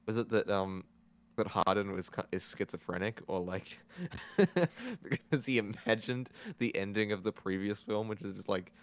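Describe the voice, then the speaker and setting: Male podcast host, lower pitch, casual rambling delivery with frequent filler words. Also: steady tone, smooth. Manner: rambling, halting, laughs often. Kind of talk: casual movie-review chat.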